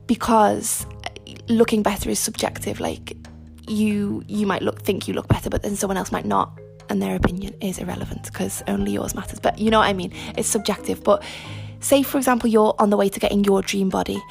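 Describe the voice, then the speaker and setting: Chatty young woman, gravelly edge. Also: mid-range voice, steady tone, fairly quick, darkish tone, faint music behind. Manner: chatty, self-mocking, emphatic. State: slightly husky today. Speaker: podcast host. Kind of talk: casual solo podcast chat. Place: lying on her front while recording.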